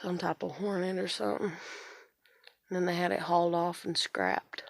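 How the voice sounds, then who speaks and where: Thirty-something woman, gravelly, lowish voice, rambling and frustrated, cursing a lot, dry close sound. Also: moderate pace, no room sound. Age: 30s. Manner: frustrated, swears often, rambling. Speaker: vlogger. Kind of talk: casual venting monologue.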